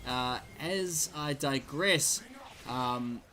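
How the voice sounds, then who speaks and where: A man casting a live esports match play-by-play, his excitement climbing in big fights, with jokey asides between plays. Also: medium pitch, very slow, a little hiss or hum. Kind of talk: live game commentary.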